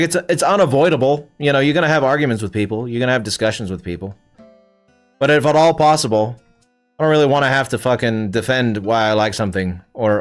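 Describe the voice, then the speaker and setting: A young man from Canada streaming a game, chatting casually with viewers in a profane, rambling way. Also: mid-range voice. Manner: profane, rambling, talks back to chat. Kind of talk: casual livestream chat with viewers.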